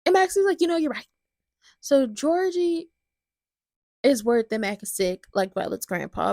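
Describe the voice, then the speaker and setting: A woman hosting a casual soap opera recap, chatty and animated, talking straight to her viewers. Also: mid-range voice, vocal fry, no echo.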